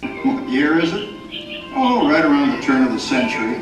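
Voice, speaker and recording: A man's voice: a little high, big pitch swings, moderate pace, over music. An actor playing a cheerful old-fashioned father who speaks in a hearty, announcing manner. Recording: distant, dull, echoey ride audio.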